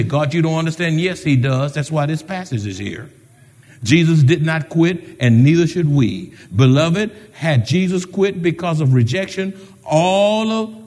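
High-voiced preaching man, echoing church hall. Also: darkish tone. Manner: preaching with call-outs and sudden raised emphasis. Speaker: pastor. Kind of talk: sermon.

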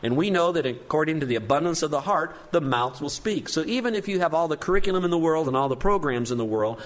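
A man's voice: a little high, lively intonation, fast. A man preaching a sermon as pastor, earnest and emphatic, with rising stresses on key points.

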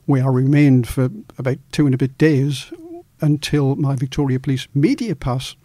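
A middle-aged male journalist from Australia telling a story in an interview, lively and acting out the quoted dialogue. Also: medium pitch, moderate pace, no echo.

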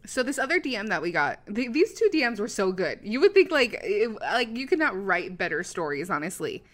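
A woman's voice: mid-range voice, sing-song, a bit bright. A young woman co-hosting a podcast in casual chat, swearing freely and laughing often. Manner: swears freely, laughs a lot, talks in quick bursts. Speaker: podcast co-host.

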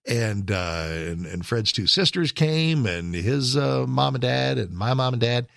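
A man's voice: low voice, normal speed, creaky, fairly bright tone, no room sound, studio quality. A man in his sixties, a radio host, telling a rambling personal story with wry asides and self-corrections. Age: 60s. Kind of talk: talk radio monologue, personal reminiscence.

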